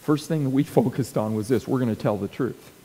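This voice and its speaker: Middle-aged man, storytelling teacher, mellow voice, long hall reverb. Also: mid-range voice, fairly quick. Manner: animated storyteller, acts out quotes and sound effects. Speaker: speaker coaching church leaders. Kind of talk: teaching talk with stories.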